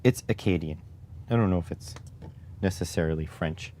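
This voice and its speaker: Deep-voiced canadian guy rambling on a stream while he tinkers, dry wry asides. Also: moderate pace, dark tone. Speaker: livestream host. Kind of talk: casual livestream chat.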